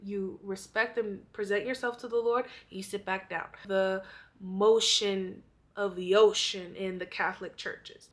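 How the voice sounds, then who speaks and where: A woman's voice: mid-range voice, a bit bright. A young woman vlogger giving blunt, profane advice in a casual monologue, often out of breath.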